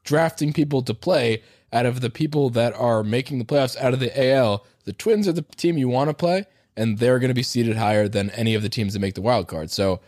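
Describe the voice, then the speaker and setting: A man's voice: mid-range voice, fairly quick, darkish tone, no echo, studio quality. A man co-hosting a casual sports podcast, talking through his points at length. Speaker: podcast co-host.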